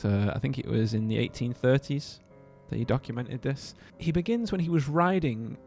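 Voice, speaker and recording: A man's voice: medium pitch, moderate pace, vocal fry, a little mellow, soft background music. A man co-hosting a casual podcast, telling a story in a jokey, rambling way. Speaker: podcast co-host.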